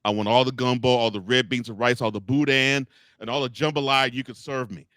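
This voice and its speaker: A man's voice: mid-range voice, fairly even intonation, brisk, a bit bright, dry recording, clean studio sound, close to an everyday voice. A man voicing a gleeful male football coach who boasts about all the food he wants. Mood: greedy gleeful.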